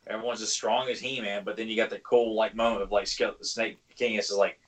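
A man with a low voice co-hosts a casual fan podcast. He rambles through his opinions and fills the gaps with "you know" and "like". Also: little pitch movement, quick pace, poor audio. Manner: rambling, many fillers, opinionated. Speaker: podcast co-host.

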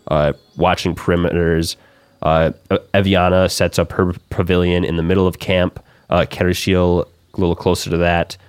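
A man narrating a tabletop game as game master in a relaxed, descriptive way. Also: deep voice, normal speed, smooth, no echo, soft background music. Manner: descriptive, relaxed, many fillers.

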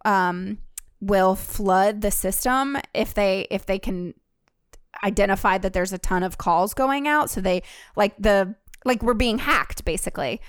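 A woman's voice: mid-range voice, a little slow, smooth, no echo. Chatty woman podcast co-host, dry close mic. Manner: chatty storyteller, acts out voices, laughs often. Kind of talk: casual chat.

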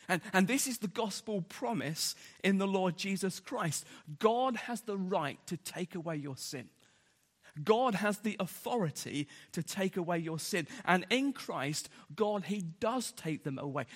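A man delivers a sermon in earnest, repeating key words for emphasis and pausing on fillers. His voice sits a little high for a man. The recording carries the long reverb of a church hall. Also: animated. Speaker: preacher.

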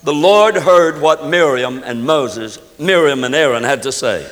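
Animated preaching man, echoing hall. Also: on the high side, unhurried. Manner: emphatic preaching, leading the congregation in prayer. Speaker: pastor. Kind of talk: sermon.

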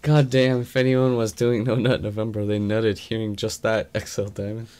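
A man's voice: on the low side, flat delivery, normal speed, a little mellow, smooth. A young man co-hosting a casual stream chat, joking crudely and laughing often. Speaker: co-host.

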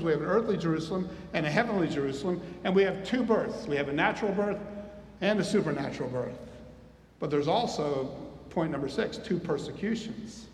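A man preaching a sermon as a pastor, animated and asking his listeners questions as he teaches. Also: on the high side. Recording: echoey hall, reverberant.

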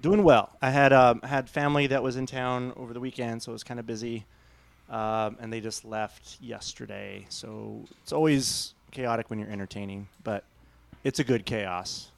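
A man co-hosting a podcast, chatting about his week in a relaxed, rambling way. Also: medium pitch, moderate pace, creaky. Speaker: podcast co-host. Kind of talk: casual chat.

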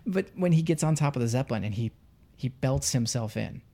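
A man's voice: mid-range voice, lively intonation, brisk, mellow, slight background noise. A man talking casually about a film, rambling and searching for his words.

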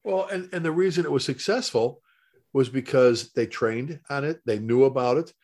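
A man co-hosting a podcast who tells stories with lively energy, often stumbling and restarting his sentences. His voice sits at an ordinary pitch for a man, and he sounds like a fire service instructor chatting. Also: moderate pace. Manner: animated, many restarts and stumbles. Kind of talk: casual storytelling chat.

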